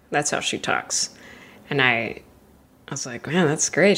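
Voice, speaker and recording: A young adult woman performs a stand-up set at a moderate pace, her tone bright and forceful. She's chatty and self-deprecating, rambling along and slipping into high, squeaky voices for imaginary friends.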